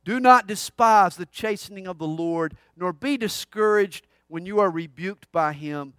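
A middle-aged man preaching a sermon, swinging from loud declarations down to hushed, intimate asides. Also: high-pitched, unhurried, clear, resonant tone, no room sound, studio quality. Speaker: pastor.

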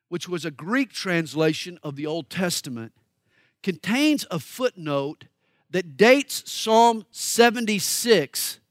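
A man from the American South preaching a sermon, emphatic and folksy, moving between loud declaiming and quiet asides. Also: high voice, no room sound, clean studio sound. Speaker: pastor.

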